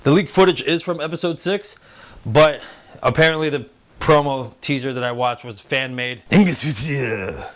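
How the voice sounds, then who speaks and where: This thirty-something host talks at a moderate pace in a voice on the high side with fairly even intonation. On his casual spoiler review show he speaks loosely, curses often and does goofy voices for quotes.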